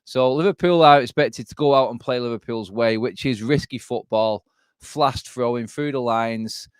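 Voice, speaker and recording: A man's voice: mid-range voice, moderate pace, smooth, dry recording, clean studio sound. A young English man co-hosting a casual football watchalong, blunt and sweary, laughing often. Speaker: co-host, rival fan.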